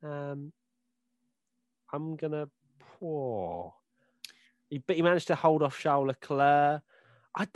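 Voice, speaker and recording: A man's voice: a little high, slow pace, pauses often, no echo. A man hosting a casual podcast chat, joking and reading out fan votes. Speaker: podcast host.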